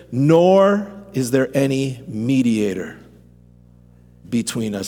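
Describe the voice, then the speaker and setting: A man's voice: mid-range voice, a little slow, a little mellow, soft background music. A man preaching a sermon to a congregation, fervent and building in intensity, asking them to respond. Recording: long hall reverb.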